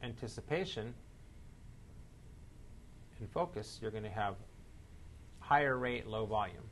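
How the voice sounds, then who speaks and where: A man leading a live sales training seminar, energetic, quizzing the audience and shifting his speed and loudness for emphasis. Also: on the low side, unhurried, a little hiss or hum.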